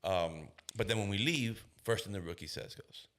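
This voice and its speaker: A man's voice: fairly low pitch, normal speed. A man in his thirties, a police officer, telling a story on a podcast in casual slang and acting out the voices of the people in it. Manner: animated storyteller who acts out quoted voices.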